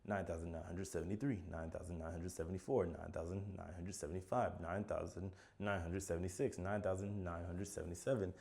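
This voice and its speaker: A tired man counts numbers aloud one after another for a video meant to help people fall asleep. His voice sits very low, and he plods along wearily, sighing and losing track now and then. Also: steady tone, fairly quick, creaky, hardly any pauses, mellow. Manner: tired, plodding counting with sighs and slips. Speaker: content creator. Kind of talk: slow counting for sleep.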